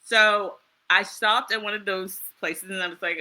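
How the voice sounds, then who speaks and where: An American woman telling travel stories in casual chat, animated and laughing often. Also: mid-range voice, moderate pace, hardly any pauses. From United States. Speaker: interview guest.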